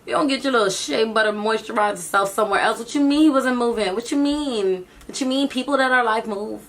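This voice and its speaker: A young woman telling a storytime vlog, acting out the people she quotes in an animated way. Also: quick pace. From New York City. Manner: animated, acts out quotes with big pitch jumps. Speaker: YouTube vlogger.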